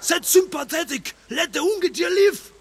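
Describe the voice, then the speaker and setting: A man shouting and cursing in joking game commentary. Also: very high voice, moderate pace, a little hiss or hum. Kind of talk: loud joking commentary while gaming.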